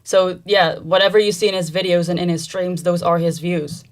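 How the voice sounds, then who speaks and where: A woman's voice: on the low side, fairly even intonation, normal speed. A woman from the Netherlands, a native Dutch speaker whose English has an American-trained sound with a slight Dutch accent, co-hosting a casual livestream and hedging often. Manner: soft-spoken, hedging with "like" and "I think". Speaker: host's wife, co-host.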